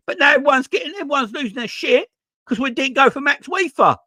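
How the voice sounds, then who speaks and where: A man hosting a football fan channel, talking in an excitable, exasperated rant with plenty of swearing. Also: very high voice, fast, dry recording, clean studio sound. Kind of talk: ranting casual vlog talk.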